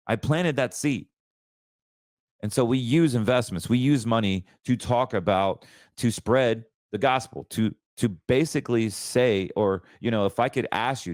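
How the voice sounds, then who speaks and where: A man's voice: fairly low pitch, dry recording, clean studio sound. A middle-aged man hosting a podcast, talking casually, candid and emotional, fervent about his faith. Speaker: podcast host. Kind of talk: casual personal talk.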